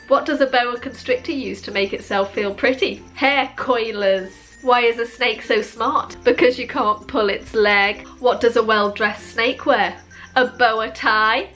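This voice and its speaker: A woman reading a long list of pun jokes, landing the punchlines slowly and dryly and adding wry asides. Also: on the high side. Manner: dry, slow deadpan punchlines with wry self-commentary. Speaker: joke video creator.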